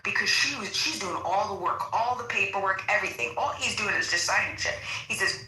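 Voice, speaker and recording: A woman's voice: medium pitch, brisk, few pauses, bright, forceful tone, echoey room, a little hiss or hum, low-quality recording. A woman in casual chat, telling a friend's relationship story with many restarts.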